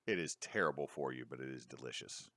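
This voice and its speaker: Guy, middle-aged, low voice, dry close sound, lively storyteller for a chat show. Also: fast, no room sound. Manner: animated storyteller, acts out quotes. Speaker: podcast co-host. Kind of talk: casual chat.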